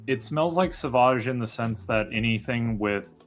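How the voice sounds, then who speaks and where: A man's voice: medium pitch, moderate pace, soft background music. A man co-hosting a live stream, talking enthusiastically in a loose, rambling way. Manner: enthusiastic, rambling, frequent fillers. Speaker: co-host of a fragrance live stream. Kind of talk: casual chat.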